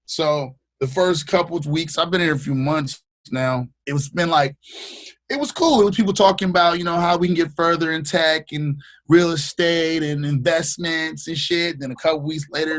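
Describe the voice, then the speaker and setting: A man from the Bay Area, a radio host, chatting as a podcast guest in slangy, animated storytelling style, acting out what people said. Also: fairly high pitch. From Bay Area, California. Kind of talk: casual interview chat.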